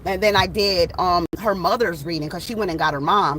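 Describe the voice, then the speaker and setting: Animated, chatty woman tarot reader. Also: on the low side, a little fast, a little hiss or hum, poor audio. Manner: animated, chatty, casual swearing, addresses viewers as y'all. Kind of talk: casual storytelling vlog. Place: outdoors.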